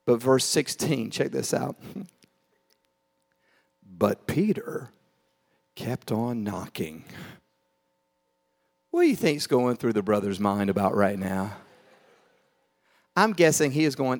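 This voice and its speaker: A man preaching a sermon, telling the story with animated acted-out voices, swinging from shouts to quiet asides. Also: slow pace, gravelly, long pauses, in a large hall. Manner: animated storytelling, acting out voices, shouting then dropping low. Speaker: pastor.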